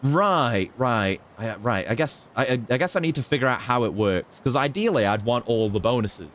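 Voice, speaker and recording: A man streaming a video game, thinking aloud in casual, halting commentary. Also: mid-range voice, expressive, fairly bright tone, slight background noise.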